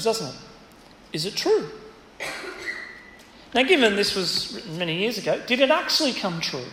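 High-voiced man preaching in echoey church. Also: sharp tone, a little hiss or hum. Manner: expository Bible teaching, emphatic quotes. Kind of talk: sermon. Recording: echoey church hall, faint ambience.

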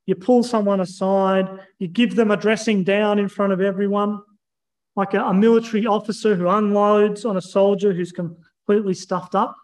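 A man preaching a sermon in an earnest, measured teaching manner, reading scripture passages aloud. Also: sits high, little pitch movement, darkish tone, poor audio.

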